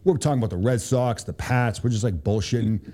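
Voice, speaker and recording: A man's voice: medium pitch, a little fast, dark tone. A man with a Boston accent, a guest on an interview podcast, telling stories casually and animatedly, swearing freely and tagging lines with "right?". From Boston, USA. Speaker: podcast guest, Army Special Forces officer.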